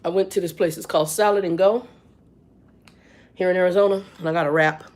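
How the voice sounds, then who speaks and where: A woman's voice: fairly low pitch, brisk. Chatty woman in her fifties. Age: 50s. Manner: animated, chatty storytelling with lots of reported speech. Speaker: vlogger. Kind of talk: casual storytelling vlog.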